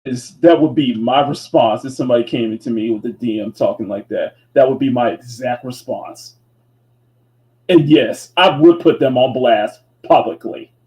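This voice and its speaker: A man co-hosting a casual chat show. He gets excitable, laughs often and repeats himself when he gets worked up. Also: medium pitch, moderate pace, poor audio. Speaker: co-host.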